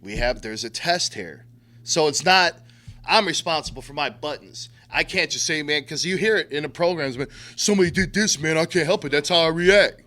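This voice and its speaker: A man's voice: a little high, moderate pace, bright, forceful tone. A middle-aged man giving a blunt, profane talk to a recovery group, using street slang and acting out quotes. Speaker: recovery speaker.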